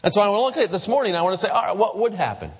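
A man's voice: high voice, lively intonation, racing, breathy edge. A male pastor preaching a sermon in a casual, conversational way, often repeating and correcting his words. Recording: lo-fi church recording with long reverb.

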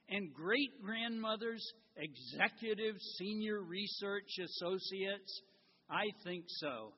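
Older guy preaching slow in a big echoey church, dull old recording. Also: high voice, animated. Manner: slow, warm storytelling with gentle humor. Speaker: guest preacher. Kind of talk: sermon with a read-aloud story. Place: church sanctuary.

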